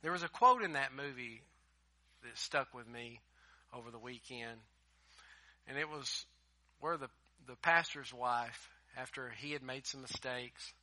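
Bright-voiced preaching man. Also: mid-range voice, a little slow, dry recording. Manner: emphatic preaching, swinging between loud and hushed. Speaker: pastor. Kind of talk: sermon.

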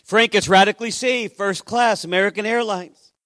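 A man's voice: high voice, steady tone, moderate pace, fairly bright tone, no echo, clean studio sound. A male pastor preaching a sermon, telling a story and acting out the dialogue in changing voices. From Puerto Rico. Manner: acts out dialogue with shifting voices.

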